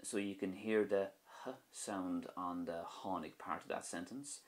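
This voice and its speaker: A young man with an Irish accent teaching Irish pronunciation in a video lesson, slowly repeating each example word. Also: sits low.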